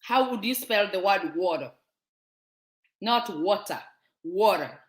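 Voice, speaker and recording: A woman's voice: medium pitch, lively intonation, moderate pace, fairly bright tone. A Kenyan woman with a Kenyan accent hosting her show, lecturing viewers in a fervent, scolding way full of rhetorical questions. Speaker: show host. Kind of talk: impassioned monologue to viewers. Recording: echoey room.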